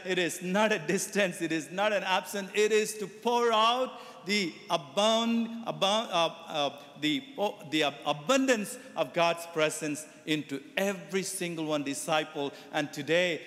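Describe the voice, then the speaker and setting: A man's voice: a little high, fairly bright tone. A man, a Catholic priest, giving a sermon that mixes teaching with a told story. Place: Catholic church. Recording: echoey church reverb.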